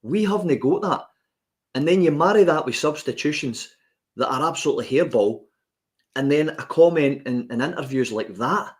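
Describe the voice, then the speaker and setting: A man's voice: a little high, animated, moderate pace. A man with a Scottish accent, co-hosting a podcast and ranting with passion in casual chat. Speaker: podcast co-host.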